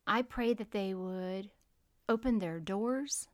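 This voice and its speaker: A middle-aged woman with a medium-pitched voice co-hosts a faith podcast, recorded cleanly in a studio with no echo. She tells stories and prays aloud, slow, warm and earnest, mixing casual chat with spoken prayer.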